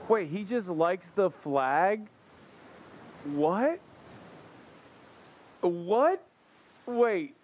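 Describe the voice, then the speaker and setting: A man comments live on a video as a streamer, with incredulous, profane asides. He talks slowly, with his voice a little raised. The audio sounds dull. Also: high voice, animated.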